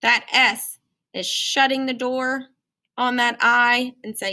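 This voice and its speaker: A woman's voice: fairly high pitch, slow, sharp tone. A woman teaching a phonics lesson to children in a singsong, encouraging way. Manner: singsong, encouraging, talks to young learners.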